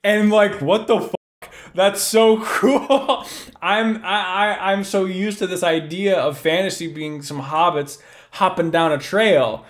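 Excitable young man with a highish voice. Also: takes it slowly. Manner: animated, excitable, swears freely. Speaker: podcast host. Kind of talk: excited casual book talk.

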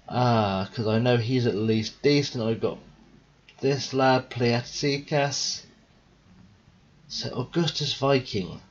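A tired young man thinking out loud in a rambling, casual commentary as he plays a game. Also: medium pitch, slightly rough, muffled recording. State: tired, yawning. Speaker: gaming video host. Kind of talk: casual let's-play commentary.

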